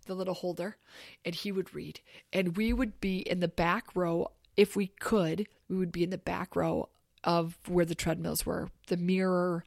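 A woman telling a funny personal story in a casual monologue, swearing freely and acting out the things people yelled. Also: on the low side, creaky, no echo, clean studio sound. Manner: animated, swears freely, acts out yelled quotes. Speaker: storyteller host.

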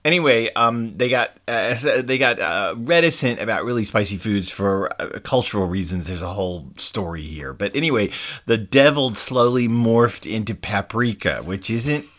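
Southern guy cohosting a cooking show, lowish voice, wanders off into jokey tangents. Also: moderate pace, a bit bright. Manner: rambling, with jokey asides and self-corrections. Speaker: cookbook co-author and co-host. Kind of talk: joking cooking demonstration chat.

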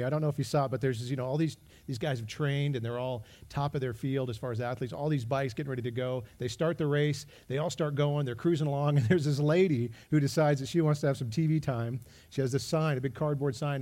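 A middle-aged man preaching a sermon in a conversational, animated way, acting out his own exclamations and asides. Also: mid-range voice. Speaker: pastor.

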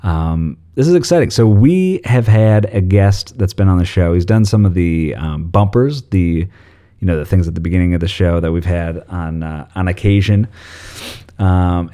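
A male podcast host with a deep, very low voice and a dark, mellow tone. He talks casually and rambles, with lots of fillers and restarts.

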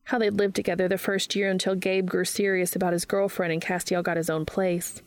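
A woman reading fan fiction aloud in a steady, even narrating voice. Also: fairly low pitch, brisk, no room sound.

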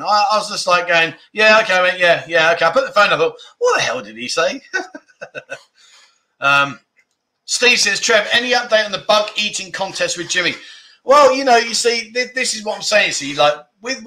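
Bright-voiced chatty man. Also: high voice. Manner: chatty, laughs often, mild grumbling asides. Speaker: livestream host reading viewer comments. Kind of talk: casual chat.

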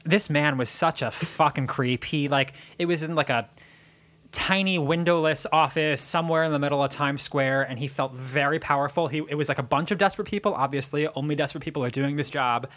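A man's voice: on the high side, a little fast, a bit bright. A young man co-hosting a podcast in casual chat, self-mocking and laughing often. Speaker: podcast co-host.

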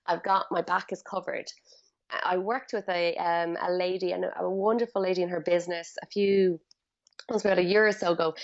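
A woman guest on a podcast interview, explaining feng shui in a chatty, animated storytelling way with many fillers. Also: mid-range voice, dull audio.

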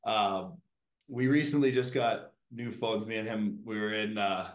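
A man's voice: on the low side, measured pace. Man hosting, roomy sound. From Canada. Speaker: podcast host. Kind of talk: casual interview chat. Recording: roomy echo.

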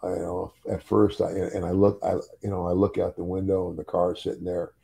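Low gravelly older man telling stories. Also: level tone, fairly quick, dark tone. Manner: chuckles through his story, repeats words as he goes. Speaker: former professional wrestler. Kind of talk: casual storytelling.

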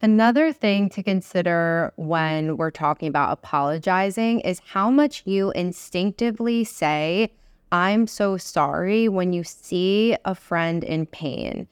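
A woman in her thirties hosting a solo self-help podcast, earnest and encouraging, slowing down to stress her points. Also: fairly low pitch, clear, resonant tone, no room sound, clean studio sound. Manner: earnest, encouraging, slows down for emphasis. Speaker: podcast host.

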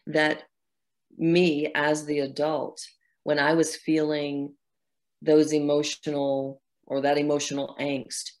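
A woman's voice: low voice, completely flat delivery, takes it slowly, a little mellow. A middle-aged woman, a guest author in an interview, talking earnestly about her own healing and acting out her inner dialogue. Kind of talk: reflective interview talk.

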